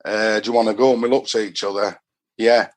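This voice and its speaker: A middle-aged man from Doncaster, Yorkshire, England, appears as a podcast guest, telling long, rambling stories thick with northern dialect in his Yorkshire accent. His voice is lowish, fairly even in intonation, and a little fast.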